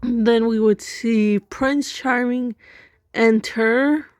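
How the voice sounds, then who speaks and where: A woman's voice: on the high side, fairly even intonation, very slow, darkish tone. A woman casually rambling through her own story ideas, amused at herself. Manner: rambling, self-amused, many fillers. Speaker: amateur story writer.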